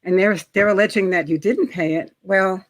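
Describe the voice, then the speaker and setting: A middle-aged woman from New York with a New York accent, a guest chatting casually about credit, often pausing with ums and clearing her throat. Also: medium pitch, steady tone. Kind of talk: casual interview chat.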